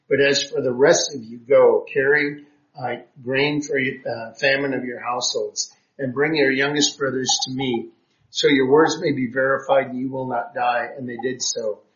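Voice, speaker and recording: A man teaching a Bible class reads verses aloud and explains them, hesitating often. His medium-pitched voice is fairly bright, with fairly even intonation and a normal pace. The classroom recording is roomy, dull, and lo-fi.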